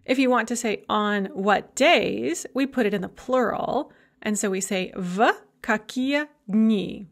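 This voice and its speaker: A woman language instructor giving a recorded lecture, explaining grammar methodically and modeling example phrases slowly and carefully. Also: mid-range voice.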